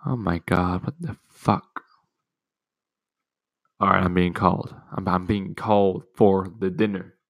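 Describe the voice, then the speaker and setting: A man's voice: low voice, level tone, moderate pace, vocal fry, few pauses. A young man hosting a casual podcast from home, rambling through a profane, complaining story about his family. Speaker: podcast host. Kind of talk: casual rant.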